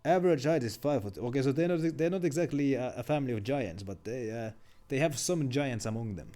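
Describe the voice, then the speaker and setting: A man's voice: medium pitch, animated, fairly quick, dark tone. A man streaming a video game, chatting casually and rambling with lots of fillers.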